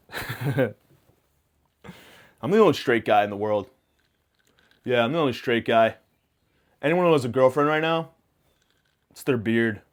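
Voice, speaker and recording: A man hosting a podcast, rambling through a self-mocking comic monologue full of absurd tangents and deadpan hot takes. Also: medium pitch. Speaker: podcast host.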